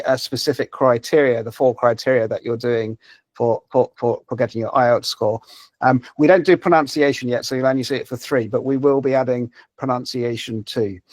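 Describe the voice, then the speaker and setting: A man's voice: mid-range voice, dry recording. A man presenting a language-learning app in a live webinar, talking over a video call with many fillers and restarts. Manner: hesitant, many fillers and repeated words.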